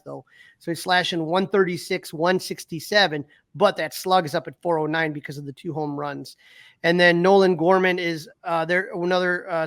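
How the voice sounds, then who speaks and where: A middle-aged man with a fairly high voice talks casually on a sports podcast. He reels off numbers, stumbles over restarts and fills pauses with "um". The sound is dry and close, with no room around it. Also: fairly bright tone, dry recording. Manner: reels off stats with fillers and restarts. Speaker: podcast co-host.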